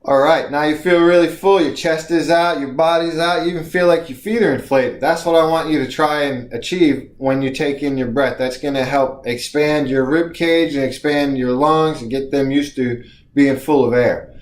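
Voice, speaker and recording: In an instructional video lesson, a male speaking coach guides viewers through breathing exercises, encouraging them as he teaches. His voice is a little high and steady in tone, moving at normal speed in a roomy-sounding space.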